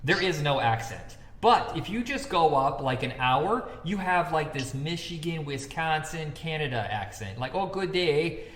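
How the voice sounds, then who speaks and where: A man from Indiana co-hosting a casual film podcast, lively and profane, with frequent laughter. His voice is bright and forceful. It sounds like a roomy space with long reverb. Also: on the high side, a little slow, hardly any pauses. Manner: animated, profane, laughs often. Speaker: podcast co-host. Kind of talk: casual movie-review chat. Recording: echoey room with long reverb.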